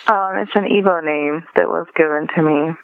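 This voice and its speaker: A woman author being interviewed over a phone line, hesitant and soft, with many fillers. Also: deep voice, normal speed, creaky, no echo. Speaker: author and guest.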